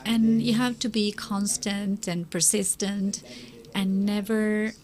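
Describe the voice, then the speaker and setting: A woman's voice: medium pitch, flat delivery, slow pace, darkish tone. A woman speaking at a conference, answering audience questions in an earnest, encouraging way and often repeating words as she starts a sentence. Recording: live conference with audience noise.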